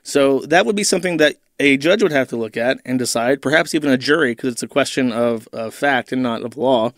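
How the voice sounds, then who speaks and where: A man's voice: mid-range voice, a little fast, fairly bright tone, dry recording, clean studio sound. A man hosting an online commentary show, ranting in a blunt, profane and mocking way. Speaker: host.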